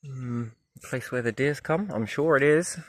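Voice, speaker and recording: A man walking by a river in the woods, musing aloud as he goes, often trailing off into quiet wondering remarks. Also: mid-range voice, a little slow, a little hiss or hum. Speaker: vlogger.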